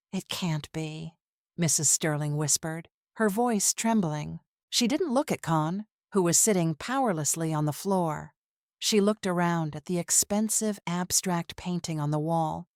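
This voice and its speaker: A woman narrating a dramatic family story in an even, measured reading style. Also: fairly low pitch, no room sound, clean studio sound. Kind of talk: scripted narration.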